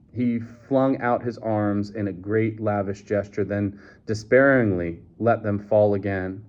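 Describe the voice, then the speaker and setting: A man with a low voice reads a novel aloud at a measured pace, now and then stumbling and restarting a phrase. The recording is dull and lo-fi. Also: steady tone. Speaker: reader.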